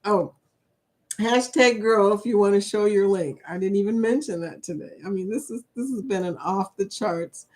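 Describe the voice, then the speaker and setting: Woman, unhurried, laughs a lot, live chat host. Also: mid-range voice, a little mellow. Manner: laughs often, reads viewer comments aloud. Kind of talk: casual live chat reading comments.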